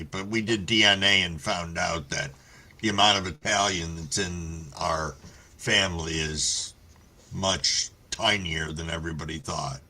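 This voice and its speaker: A man's voice: sits low, bright, forceful tone, breathy edge. A man hosting a live stream, chatting casually with viewers in a laid-back, rambling way and swearing freely while stoned. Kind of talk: casual chat reading viewer comments.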